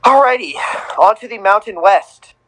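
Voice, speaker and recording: A man's voice: mid-range voice, expressive, moderate pace, fairly bright tone, poor audio. A man co-hosting a casual sports podcast, announcing tournament teams in a playful, sing-song way. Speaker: podcast co-host.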